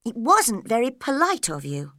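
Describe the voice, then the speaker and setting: A woman voicing a polite, curious young girl in a storybook reading, raising her voice high and eager. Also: wildly swooping pitch, normal speed, a bit bright, dry recording, studio quality. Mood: earnest.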